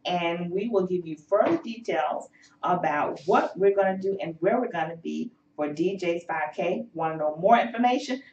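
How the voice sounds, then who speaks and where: A woman's voice: lowish voice, darkish tone, a little hiss or hum. A woman hosting a health show, talking in an encouraging, faith-filled way with many fillers. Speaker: host. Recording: roomy, distant, dull sound.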